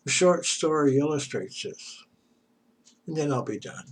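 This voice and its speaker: A man teaching through a story, speaking in a halting way with restarts and repeats. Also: a little high, expressive. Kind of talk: storytelling lesson. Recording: distant mic.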